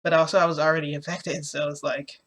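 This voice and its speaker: A woman's voice: low voice, little pitch movement, quick pace. A young woman vlogger telling a story casually, rambling with lots of filler words.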